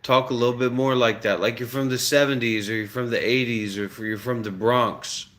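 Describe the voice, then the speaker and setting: A man's voice: mid-range voice, steady tone, brisk, fairly bright tone. A man in casual banter with a voice assistant, pushy and crude, repeating his demands and coaxing. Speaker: host.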